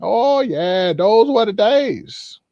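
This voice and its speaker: A man voicing a chatty elderly person who reminisces about old times in a high, hesitant voice. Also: expressive, slow, mellow, no room sound, full character voice. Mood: nostalgic. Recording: dull, lo-fi.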